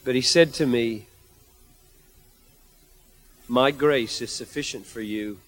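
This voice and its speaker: A man's voice: medium pitch, slow pace, pauses often. A man preaching a sermon, reading scripture and building to emphatic, repeated outbursts. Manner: emphatic, repetitive, rising to fervent outbursts.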